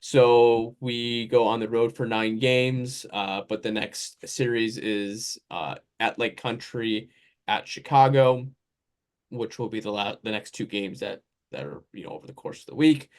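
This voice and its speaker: A man's voice: mid-range voice, unhurried, smooth. A man hosting a casual sports podcast, talking in a loose, rambling way that drifts through lists and asides. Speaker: podcast host.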